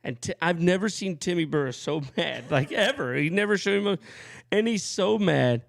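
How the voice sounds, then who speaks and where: A man co-hosting a casual podcast, excitable and slangy, laughing between his lines. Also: fairly high pitch, a little fast. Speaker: co-host. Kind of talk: casual chat.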